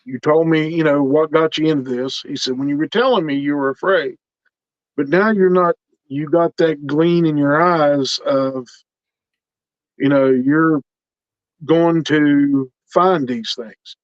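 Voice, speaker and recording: Telling his stories at a measured pace, a middle-aged man with a slightly high voice appears as an interview guest. He brings the other people into each anecdote by animatedly quoting their lines, keeping the talk casual. The dull lo-fi recording has no room sound.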